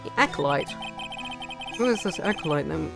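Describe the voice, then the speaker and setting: A woman's voice: sits low, expressive, normal speed, gravelly. A woman voicing a young male defense lawyer who asks probing, pointed questions, over game music.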